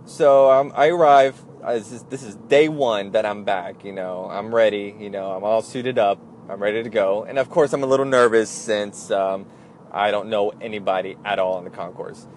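A man's voice: on the low side, normal speed, a little mellow. A young man recalls his time as an airline gate agent in a casual, meandering way. He keeps slipping into the voices of the people in his story, and a faint background noise runs under the recording. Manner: rambling, acts out others' voices in quotes.

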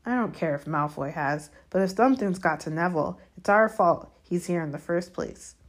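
A woman voicing an earnest young schoolboy wizard in a storybook reading, low-key and hushed. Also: animated, normal speed.

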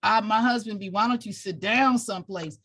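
A woman's voice: mid-range voice, a little fast, a bit bright, slightly rough. A middle-aged woman who served in the military talks as a guest with heartfelt passion. She is tearful and repeats herself as she pleads with listeners. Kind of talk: heartfelt interview talk.

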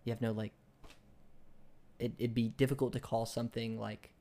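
A young man co-hosting a casual podcast, retelling a book in a rambling way with many restarts and fillers, and growing excited when he argues ideas. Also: mid-range voice, moderate pace. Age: young adult. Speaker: podcast co-host.

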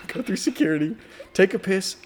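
A young man telling a long, animated story in casual podcast chat, swearing freely and acting out the voices of the people in it. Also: high voice, normal speed, slight background noise. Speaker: podcast guest.

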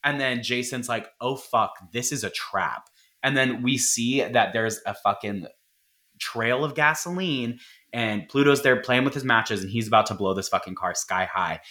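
A man in casual podcast chat, retelling a movie plot with lots of swearing and quick quoted lines. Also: mid-range voice. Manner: profane, animated retelling with quoted voices. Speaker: podcast co-host.

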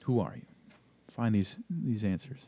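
A man's voice: lowish voice, lively intonation, measured pace, warm tone, husky, no echo. A young man co-hosting a podcast, talking in a reflective, rambling way with fillers. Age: young adult. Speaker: podcast co-host. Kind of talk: casual chat.

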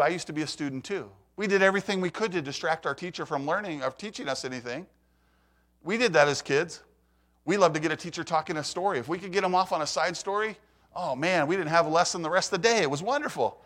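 An older man delivers a conversational sermon and keeps asking his listeners questions. He tells stories and acts out the lines of the people in them. His voice sits a little high. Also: fairly bright tone. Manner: storytelling, acts out quoted voices; conversational, asks the audience questions. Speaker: preacher.

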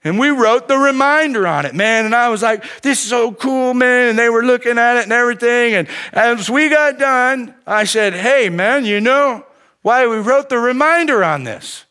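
A middle-aged preacher with a high, lifted voice and a bright, forward edge to his tone. He tells stories from the pulpit in an animated, conversational way, dropping "man" into his sentences again and again. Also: normal speed, smooth. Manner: animated storytelling, peppered with "man". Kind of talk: sermon.

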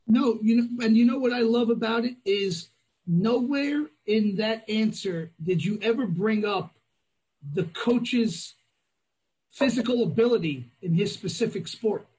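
A man's voice: high-pitched, unhurried, a little mellow, breathy edge. A man hosting a podcast, talking casually and enthusiastically. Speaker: podcast host. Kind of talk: casual conversation.

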